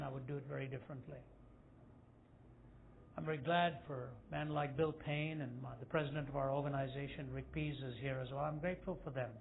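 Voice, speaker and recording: A man in his sixties preaching a sermon to a group of men, telling stories that rise to loud, emphatic peaks. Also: a little high. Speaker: evangelist speaker. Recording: tinny phone-like lo-fi recording with faint hiss.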